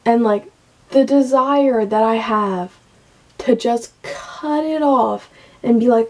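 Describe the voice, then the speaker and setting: A woman's voice: fairly high pitch, slow, darkish tone. A young woman in her late teens, venting candidly and emotionally to camera and swearing freely. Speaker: vlogger.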